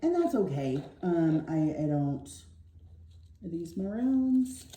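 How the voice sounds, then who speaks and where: A woman's voice: fairly low pitch, big pitch swings, slow, warm tone, reverberant. A middle-aged woman vlogger telling a rambling story while crafting, tired and yawning, with lots of fillers. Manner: rambling, chatty, with many fillers.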